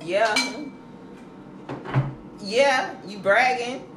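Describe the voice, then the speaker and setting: A woman's voice: fairly high pitch, very slow. A woman co-hosting a casual podcast, teasing her friend and laughing a lot. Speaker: podcast co-host. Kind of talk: casual chat. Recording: echoey room with background noise.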